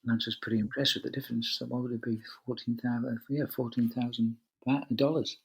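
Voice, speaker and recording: A man's voice: mid-range voice, flat delivery, fast, gravelly, slightly rough, rough recording. An older man, a veteran cycling commentator, telling a long anecdote in a chatty way on a video call and acting out the quoted lines. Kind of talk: relaxed anecdotal storytelling.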